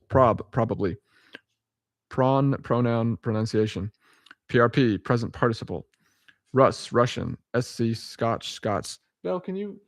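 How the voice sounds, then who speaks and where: A young man reading dictionary abbreviations aloud at home in a halting, chuckling way, often correcting himself. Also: mid-range voice, no echo. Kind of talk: casual solo reading and chat.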